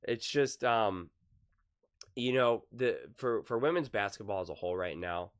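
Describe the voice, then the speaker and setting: A man with a lowish voice, speaking a little slowly, hosts a casual basketball opinion vlog. He's lively, leaning on analogies and acting out quotes.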